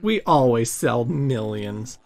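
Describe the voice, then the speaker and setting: A man's voice: mid-range voice, lively intonation, slow, vocal fry, darkish tone, faint music behind, pitched below the performer's own voice. A man mocking a smug, gloating game company executive.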